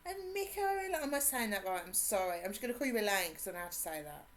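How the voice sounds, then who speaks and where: A bubbly English woman chats with her viewers while streaming a game, greeting people warmly by name and laughing often. Her accent mixes Suffolk, Cockney and a Brummie twang, and her medium-pitched voice is expressive and rapid-fire.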